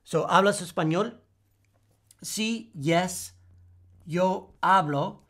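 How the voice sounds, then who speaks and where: A man teaching a Spanish verb lesson, spelling out letters and repeating each form deliberately. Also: high voice, a bit bright. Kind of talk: whiteboard language lesson.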